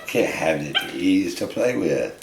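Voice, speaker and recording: A man's voice: deep voice, big pitch swings, normal speed. A man casually vlogging with his pet monkey, talking to it in a playful, coaxing way. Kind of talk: casual pet vlog chat. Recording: echoey room with clear background noise.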